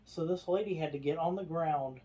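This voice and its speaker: A man with a lilt spins a story for his podcast co-host. His voice sits a little high, and he keeps the telling loose and casual, jumping into the voices of the people he describes. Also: a little fast. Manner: animated storyteller, acts out others' lines.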